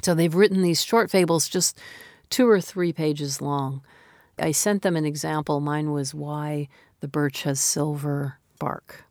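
A woman's voice: deep voice, fairly even intonation, a little slow, a little mellow, dry recording, clean studio sound. A woman in her fifties, a novelist speaking in an interview, talking in a thoughtful, reflective, conversational way. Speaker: novelist guest.

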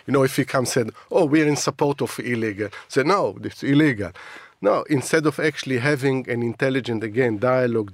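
A man's voice: mid-range voice, no room sound. A man who learned English as a second language, speaking earnestly as a guest on a radio panel in a studio. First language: not English. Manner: earnest, emphatic, some broken grammar. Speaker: guest commentator.

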